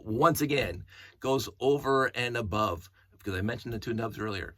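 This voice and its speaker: A middle-aged man excitedly showing toy pieces from his collection, talking in a rambling way with many restarts and tangents. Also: medium pitch, normal speed. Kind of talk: casual show-and-tell vlog.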